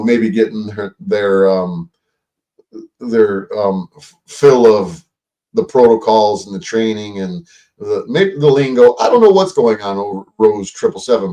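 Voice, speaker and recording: A man's voice: on the low side, darkish tone, recorded from a distance. A man hosting a casual livestream, rambling and swearing, with lots of fillers and restarts. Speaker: livestream host.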